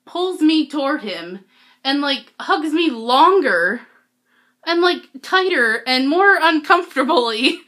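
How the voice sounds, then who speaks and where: A teenage girl vlogging, telling a story casually, giggly and excitable with lots of "like". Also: high voice, slow pace.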